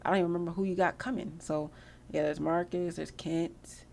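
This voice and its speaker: A young woman chats through her gameplay in a relaxed, slangy way, swearing freely. She talks quickly in a low-pitched voice with a gravelly edge. A faint hiss sits behind her. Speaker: gameplay video host. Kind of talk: casual gameplay commentary.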